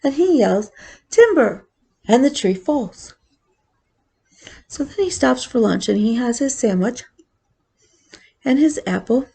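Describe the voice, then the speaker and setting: A woman's voice: a little high, creaky, dark tone, slightly rough. A woman chatting casually on her cross-stitch vlog, rambling with fillers as she tells a story.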